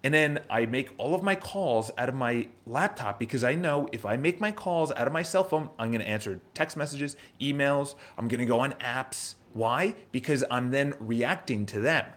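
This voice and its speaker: A man's voice: mid-range voice, moderate pace, few pauses. New york dude in his 30s doing a live morning pep talk, chatty, keeps repeating himself. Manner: energetic, conversational, repeats phrases, restarts often. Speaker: host of a live morning show. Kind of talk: casual motivational talk. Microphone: live stream from his office.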